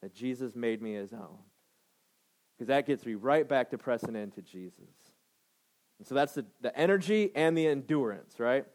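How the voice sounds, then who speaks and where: A man's voice: mid-range voice, animated, moderate pace, darkish tone. A man in his thirties preaching a sermon to a congregation, emphatic, repeating phrases and checking in with "right?". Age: 30s. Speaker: pastor.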